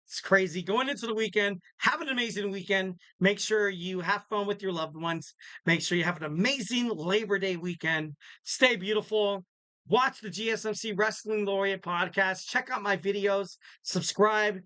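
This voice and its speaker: High bright-voiced joking podcast host man. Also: moderate pace, no room sound. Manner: rambling, joking, self-correcting. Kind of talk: casual podcast sign-off.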